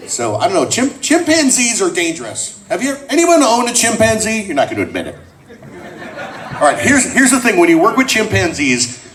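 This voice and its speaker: Guy cracking jokes at a fan panel, voice bouncing all over, mic kinda far off. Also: on the high side. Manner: joking, animated storyteller. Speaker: convention panelist. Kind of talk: comedic panel talk to a crowd. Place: convention panel room.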